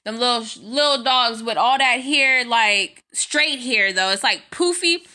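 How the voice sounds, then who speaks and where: A woman's voice: fairly high pitch, a little slow, bright, forceful tone. A young woman telling a casual story to her viewers, chatty and devout, calling them y'all, with her allergies acting up. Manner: chatty, addresses viewers as y'all, prayerful asides. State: allergies, itchy nose. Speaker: vlogger.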